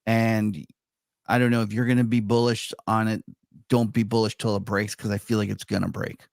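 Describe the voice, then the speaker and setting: A man's voice: on the low side, level tone, moderate pace, creaky, darkish tone, dry recording, clean studio sound. A man co-hosting a podcast, talking markets in a loose, casual way with lots of fillers and easy laughs. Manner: loose, filler-heavy talk, laughs easily. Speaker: podcast co-host.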